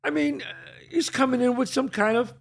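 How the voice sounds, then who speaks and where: A man's voice: very high voice, brisk, creaky, slightly rough. An older American man hosting his own show, delivering a heated, profane solo rant full of rhetorical questions. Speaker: podcast host.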